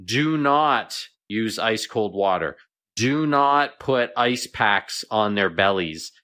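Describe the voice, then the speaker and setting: A man's voice: on the low side, expressive, slow, bright, forceful tone. A man speaking as a veterinarian guest on a radio show, explaining plainly and often repeating words as he thinks.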